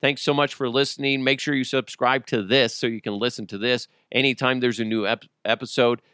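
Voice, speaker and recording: A man's voice: mid-range voice, steady tone, fairly quick, sharp tone, clear, resonant tone, dry recording, clean studio sound. A man hosting a solo podcast, rambling casually with lots of swearing and jokes. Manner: profane, joking, rambling. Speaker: podcast host.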